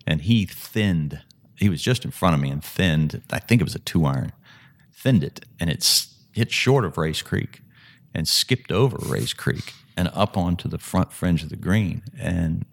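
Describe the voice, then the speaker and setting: A middle-aged golf analyst appearing as a podcast guest tells vivid stories in a conversational way, often restarting his sentences. His voice is deep and creaky, with lively intonation and a normal speed.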